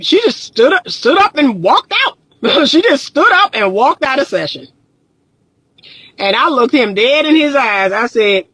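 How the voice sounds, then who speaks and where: A woman's voice: high-pitched, a bit bright, breathy edge, dry recording, low-quality recording. A woman relationship coach giving emphatic, casual advice on a livestream, repeating phrases and laughing often. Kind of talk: casual live-stream advice talk.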